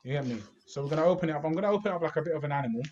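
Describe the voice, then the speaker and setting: A young man chats and teases in slang on a podcast. His voice sits a little high. The online call audio is slightly dull and lo-fi. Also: expressive, racing, a little mellow. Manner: banter-heavy London slang. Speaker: podcast co-host. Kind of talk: casual chat over a video call. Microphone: video call.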